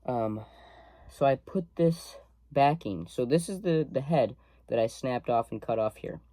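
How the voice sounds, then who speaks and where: A man's voice: mid-range voice, animated, a little slow, warm tone, dry recording. A young man in a workshop, casually explaining each step as he works, recorded on a camera mic. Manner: talks through each step while working. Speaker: student demonstrating a workshop task. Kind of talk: casual hands-on demonstration.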